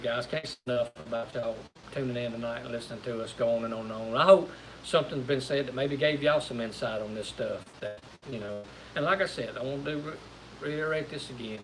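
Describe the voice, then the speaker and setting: A man's voice: medium pitch, brisk, low-quality recording. A man co-hosting a homestead live-stream, talking in a folksy, rambling way that circles back and repeats itself. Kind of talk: casual live-stream chat. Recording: faint hiss.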